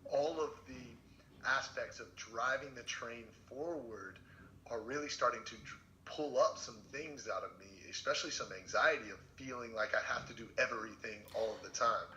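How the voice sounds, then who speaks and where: A man's voice: medium pitch, normal speed, sharp tone. A man hosting a podcast, talking in a reflective way and thinking aloud as he asks questions. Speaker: podcast host. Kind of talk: casual interview. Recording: echoey dull room with faint noise.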